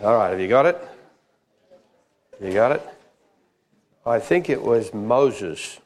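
A male preacher delivers a sermon in a loose, joking, conversational way. His voice sits fairly low, and he pauses with frequent fillers between his points. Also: lively intonation, darkish tone.

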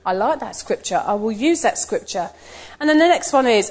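A middle-aged woman giving a personal sermon talk, telling stories in a lively way and acting out what people said. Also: fairly high pitch, normal speed. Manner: lively storytelling, acts out quotes with laughs. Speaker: church speaker.

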